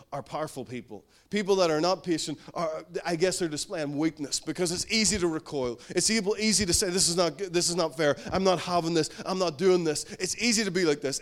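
A middle-aged man preaching a sermon in an earnest tone, his voice sitting a little higher than most men's. He builds to emphatic bursts, then drops low and slows down to let a point land. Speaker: pastor.

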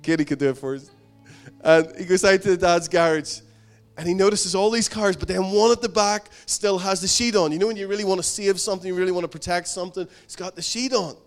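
Male pastor, high-pitched, earnest conversational sermon with repetition. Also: fast, faint music behind. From outside America. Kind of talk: sermon with storytelling.

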